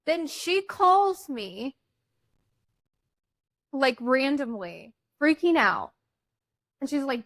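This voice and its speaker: A woman's voice: high voice, animated, slow, pauses often, fairly bright tone, dry recording, low-quality recording. A middle-aged woman hosting a podcast, chatting casually and teasing her co-host as she retells stories with quoted dialogue. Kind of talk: casual chat.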